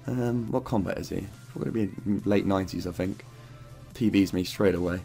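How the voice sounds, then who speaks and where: A man's voice: low-pitched, fairly quick, vocal fry, warm tone, faint music behind. A man narrating his own game footage in loose, rambling commentary, swearing often and dropping in fillers. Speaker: gaming YouTuber narrating his own gameplay. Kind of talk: casual gameplay commentary.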